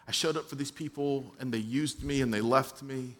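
A man preaching a sermon to his own church as its pastor, telling a personal story and swinging between quiet, soft passages and emphatic ones. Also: medium pitch, steady tone, normal speed.

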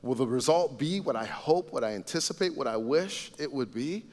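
A man preaching a sermon as pastor, earnest, rising to loud emphatic lines and dropping to soft low asides. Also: expressive, normal speed, big-room sound. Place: church sanctuary.

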